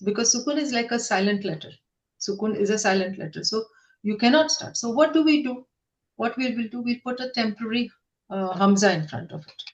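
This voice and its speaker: Woman, grammar teacher, patient, repeats words slowly, muffled recording. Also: fairly high pitch, animated. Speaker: Quran Arabic grammar teacher. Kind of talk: recorded online lesson.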